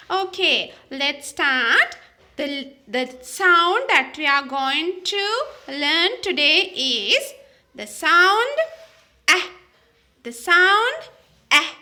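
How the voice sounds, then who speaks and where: Woman, phonics teacher for kids, unhurried, repeats each sound, bright tone. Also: high-pitched. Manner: repeats sounds and words slowly, with small slips and restarts. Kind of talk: slow, sing-song phonics lesson for young children.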